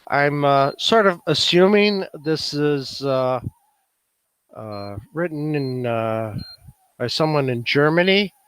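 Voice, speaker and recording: A man's voice: fairly high pitch, animated, slow pace, a bit bright, clear, resonant tone, no room sound. A man with a Chicago accent presenting at a meeting, musing aloud with many fillers. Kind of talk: casual demonstration talk.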